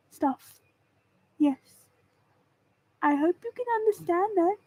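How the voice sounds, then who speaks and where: A woman vlogger giving a dramatic motivational monologue straight to camera, slow, theatrical and emphatic. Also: very high-pitched, dry recording, poor audio. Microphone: camera mic.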